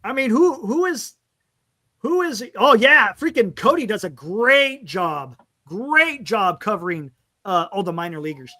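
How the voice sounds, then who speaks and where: High, lively-voiced man hosting a fan show. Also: unhurried. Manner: frank, rambling, stumbles over player names. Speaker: fan podcast host. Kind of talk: casual postgame fan talk.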